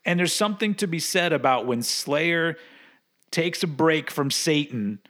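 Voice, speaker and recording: A man's voice: a little high, animated, fairly bright tone. A man co-hosting a casual music podcast, rambling and restarting his sentences. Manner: rambling, halting restarts, laughs often. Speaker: podcast co-host.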